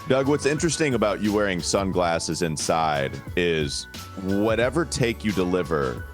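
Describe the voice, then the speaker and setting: Deep-voiced man hosting a sports podcast. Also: animated, normal speed, over music. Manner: teasing, talkative, reads ad copy. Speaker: podcast host. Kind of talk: casual sports podcast chat.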